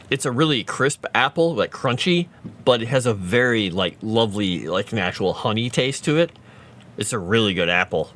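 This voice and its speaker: Streamer, male, casual rambling chat, lively pitch. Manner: rambling, chatty, reads chat aloud.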